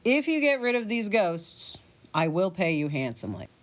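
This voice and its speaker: A woman's voice: fairly low pitch, big pitch swings, normal speed. A woman voicing a worried male innkeeper who tells of ghosts haunting his inn.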